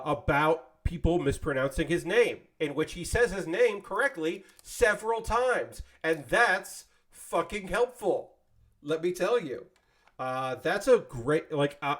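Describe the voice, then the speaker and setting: A man chatting casually on a live stream while building, rambling and swearing freely as he thanks viewers. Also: a little high. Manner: thanks viewers and subscribers by name.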